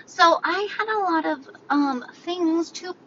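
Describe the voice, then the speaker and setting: High, bright-voiced woman telling a story. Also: a little slow, lo-fi sound, slight background noise. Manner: animated, self-mocking, laughs often. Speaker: vlogger. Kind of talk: casual storytelling to viewers.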